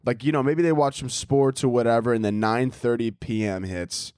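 A man's voice: mid-range voice, fairly even intonation, moderate pace, a little mellow, clear, resonant tone, no echo, studio quality. A man hosting a solo comedy podcast, rambling crudely and joking with frequent restarts. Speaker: podcast host.

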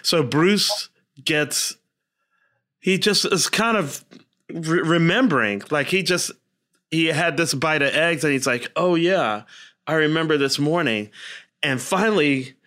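Man, somewhat high voice, animated storyteller, acts out quotes, casual chat. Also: measured pace. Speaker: co-host telling a story.

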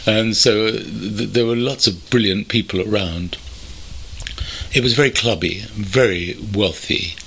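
An older man from North London, reminiscing thoughtfully as an interview guest, pausing often with ums. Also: on the low side, gravelly, a bit bright, a little hiss or hum. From North London, England. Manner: thoughtful, measured, with many pauses and ums. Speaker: interview guest, veteran copywriter. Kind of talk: reflective reminiscing. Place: country home.

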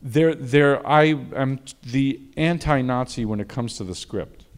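A man who directs films, talking in an interview and telling self-deprecating anecdotes with halting restarts. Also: medium pitch. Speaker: film director. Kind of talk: interview conversation.

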